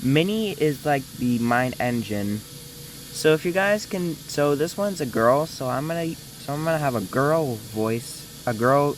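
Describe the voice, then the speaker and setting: A man's voice: medium pitch, slight background noise, low-quality recording. A young man hosting a casting call, talking casually in a rambling, hesitant way with many restarts. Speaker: video host running a casting call.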